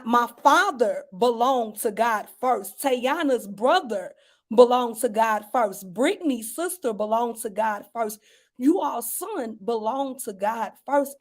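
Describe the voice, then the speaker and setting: A woman hosting an online grief panel, speaking fervently with preacher-like repetition. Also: fairly high pitch. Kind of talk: emotional panel discussion.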